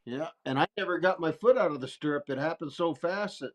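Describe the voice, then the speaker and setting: A man's voice: on the high side, brisk. A plainspoken man telling a hunting story in a casual, salty way. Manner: plainspoken, salty, laughs at himself. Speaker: guest storyteller.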